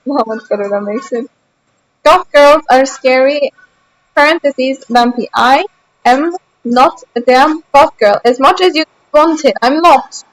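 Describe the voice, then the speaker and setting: A woman's voice: high-pitched, unhurried, no room sound, rough recording. A young woman streaming a game, chatting casually with her viewers in a teasing, mock-indignant way.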